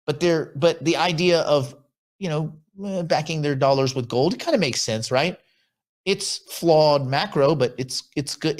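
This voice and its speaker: A man co-hosting a casual chat show, joking and teasing his co-host. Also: on the high side.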